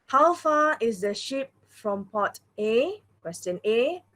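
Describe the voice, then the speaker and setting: Woman math teacher, patient and repetitive, slightly high voice, online class. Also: sing-song, takes it slowly, fairly bright tone. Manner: patient, repeats "all right" and "okay" often.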